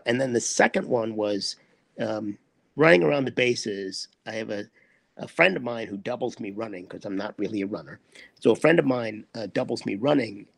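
Gravelly, husky man telling a story. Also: medium pitch, no echo. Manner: animated storyteller, acts out quotes. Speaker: actor guest. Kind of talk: anecdote telling in conversation.

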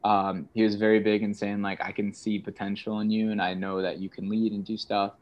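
A young man in his twenties, a student guest in a casual chat, telling stories with animated put-on voices for quotes. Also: on the low side, dull audio. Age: 20s.

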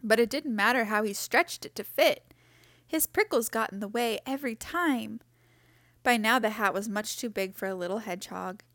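A woman reading a children's picture book aloud in a gentle, expressive way. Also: on the high side, normal speed, dry recording, studio quality. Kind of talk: storybook read-aloud.

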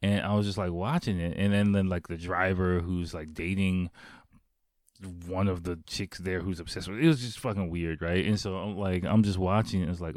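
A man's voice: low voice, steady tone, a little fast, a little mellow, dry recording, studio quality. A young man casually recapping a movie he watched, rambling with lots of fillers, restarts and swearing.

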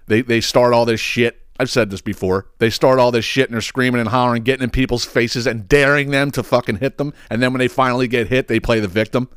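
A man's voice: mid-range voice, clean tone, no room sound. Podcast guy ranting through a story, swears a lot, trips over his words, dry close sound. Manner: profane, heated, animated retelling with frequent restarts. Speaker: podcast host. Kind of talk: casual storytelling monologue.

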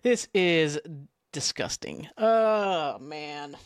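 A man's voice: a little high, lively intonation, drawn-out words, clear, resonant tone, no echo, studio quality. Rambling, profane male podcast host. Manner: self-deprecating, profane, scattered. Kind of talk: rambling solo podcast chat.

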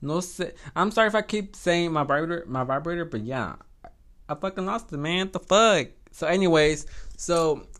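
Young guy rambling on his podcast, cussing a lot, laughing, voice jumps all over, a bit high. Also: lively intonation, moderate pace, a bit bright. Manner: crude, laughing, switches between English and Spanish. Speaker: podcast host. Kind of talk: casual solo podcast chat.

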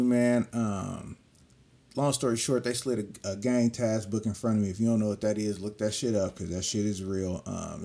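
A man's voice: fairly low pitch, creaky. A young man telling a personal story in casual, profane street slang, acting out what others said to him. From California. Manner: animated, profane street slang, acts out quoted voices.

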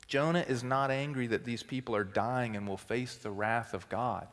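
A male teaching pastor delivering a sermon, swinging between loud emphatic bursts and quiet, intense stretches. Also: mid-range voice, moderate pace, few pauses. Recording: long hall reverb.

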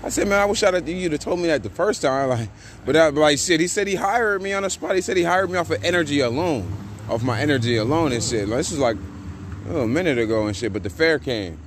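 A man hosting a casual podcast, talking in slang, repeating catchphrases and getting loud and excited. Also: fairly high pitch, quick pace, a little hiss or hum. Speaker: podcast host. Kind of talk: casual hyped-up podcast monologue.

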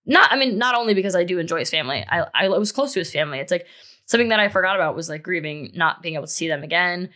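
Bright-voiced young woman, candid and casual. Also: on the low side, lively intonation, rapid-fire. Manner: candid, casual, frequent fillers and swearing. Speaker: podcast host. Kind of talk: personal monologue.

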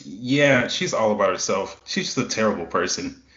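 A man with a fairly low voice chats about a TV series on a podcast, often stumbling and restarting his sentences. His voice comes through a roomy space with a slightly dull, lo-fi sound. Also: animated, moderate pace, fairly bright tone. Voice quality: hesitant, stammering restarts. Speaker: podcast co-host. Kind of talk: casual TV review chat.

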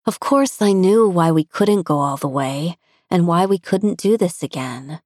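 A woman narrating a first-person audiobook in an intimate, even-paced storytelling manner, recorded close on a studio mic. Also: lowish voice, measured pace, no room sound.

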